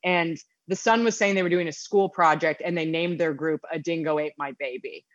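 American woman podcast guest, profane, lively storyteller, dry muffled home recording. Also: low voice, fairly quick, dry recording. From United States. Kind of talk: casual storytelling chat. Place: apartment in London.

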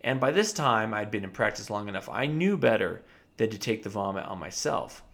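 A dentist telling a funny story from his practice in a casual chat, animated and often laughing. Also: fairly low pitch, a little fast, creaky. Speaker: podcast co-host.

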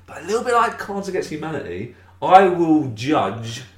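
Brief: male host, playful and giggly, lively intonation, reverberant room. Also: on the high side, moderate pace. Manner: laughs often, playful, chatty. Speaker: host running a game. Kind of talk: casual game banter. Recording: roomy echoey room.

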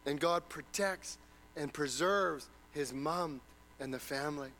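A man's voice: on the high side, measured pace, bright, forceful tone, a little hiss or hum, poor audio. A man preaching a sermon, retelling a story dramatically and posing rhetorical questions.

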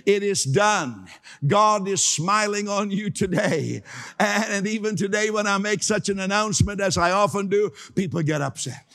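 A man's voice: high-pitched, normal speed, a bit bright, in a large hall. A man preaching a sermon, emphatic, repeating key phrases and asking the congregation to say them with him.

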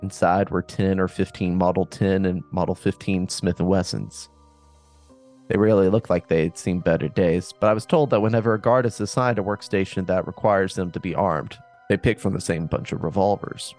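A man's voice: low voice, fairly even intonation, normal speed, a little mellow, faint music behind. A man hosting a podcast, reading listener stories aloud in a casual way with joking asides. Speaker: podcast host.

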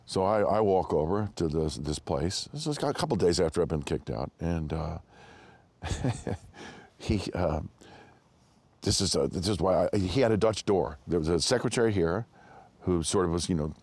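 Very deep-voiced man telling stories. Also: moderate pace, pauses often, no room sound. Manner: animated, acts out other people's lines in higher voices; rambling with frequent restarts and laughs. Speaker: interview guest, actor. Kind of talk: anecdotal storytelling.

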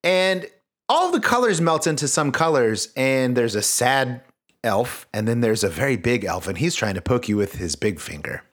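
A man hosting a comedic book-reading podcast with a lively, swinging delivery. He jokes freely and lets his asides drop into quiet mumbles. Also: medium pitch, normal speed. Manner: animated, joking, drops to mumbled asides. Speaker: podcast host.

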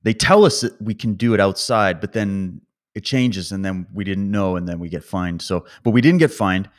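A man's voice: low-pitched, normal speed. A man giving a casual, rambling opinion monologue, ranting and sarcastic, with many fillers and restarts. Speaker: vlogger.

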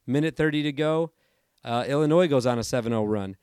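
A man in his thirties hosting a casual sports podcast, chatty and rambling, his voice hoarse from allergies. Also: mid-range voice, brisk, a little mellow, dry recording, clean studio sound. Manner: chatty and rambling, self-correcting. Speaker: podcast host.

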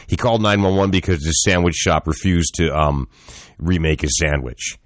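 Casting note: very deep male podcast co-host, rambling storyteller, dry close sound. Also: moderate pace, dry recording. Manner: rambling, laughing, acts out quotes. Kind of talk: casual chat, storytelling.

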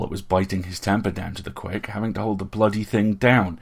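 Deep, gravelly male storyteller. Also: flat delivery, brisk, hardly any pauses. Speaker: narrator. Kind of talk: audiobook narration.

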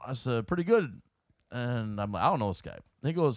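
A man's voice: mid-range voice, fairly quick, no room sound. A man co-hosting a podcast in a studio, chatting casually and acting out the people in his stories. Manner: animated storyteller, acts out quoted people. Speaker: podcast co-host. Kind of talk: casual banter.

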